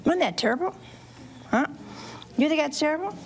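Animated woman preacher with a twang. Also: sits high, moderate pace, slight background noise. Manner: animated, asks the audience questions, acts out voices. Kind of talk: storytelling sermon to children and families.

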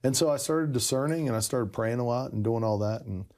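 A man telling the story of his conversion in a casual conversation, animated and laughing often. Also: mid-range voice, fairly quick.

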